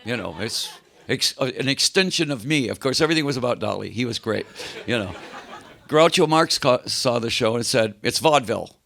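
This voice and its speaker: Gravelly older man telling road stories. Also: mid-range voice, brisk. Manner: animated anecdotes, acts out quoted voices. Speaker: interview guest, rock singer. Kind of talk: casual storytelling interview. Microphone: video call.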